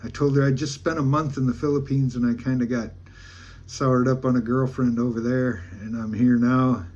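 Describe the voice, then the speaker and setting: A man from Alaska tells a casual travel story in a rambling, folksy way, often stopping and restarting his sentences. His voice has a husky edge, and his pitch sits in the middle range for a man. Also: fairly even intonation, normal speed, a little mellow, highs cut off. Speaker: travel vlogger.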